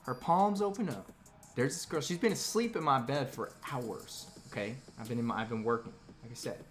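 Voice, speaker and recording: A man's voice: mid-range voice, fairly quick, echoey room, soft background music. A man hosting a live stream, telling a comic story in a rambling, self-interrupting way and teasing his audience. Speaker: live stream talk show host. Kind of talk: comedic storytelling to a live chat.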